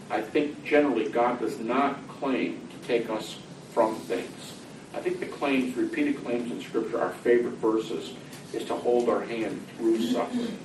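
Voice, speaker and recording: Man, lowish voice, earnest, middle-aged, distant mic, echoey room, rumbling noise. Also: moderate pace. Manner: earnest, acts out dialogue with God. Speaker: speaker recounting personal grief. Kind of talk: reflective talk.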